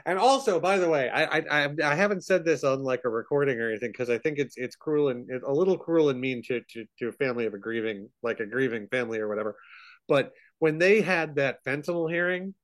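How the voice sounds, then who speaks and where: A man's voice: medium pitch, quick pace. A man in casual podcast chat, ranting with lots of swearing and trailing fillers.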